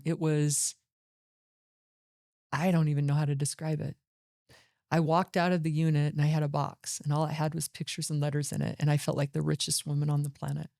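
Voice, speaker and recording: Her low voice has a gravelly, dark tone. She's a middle-aged podcast host sharing her life story earnestly and thoughtfully, speaking on her own.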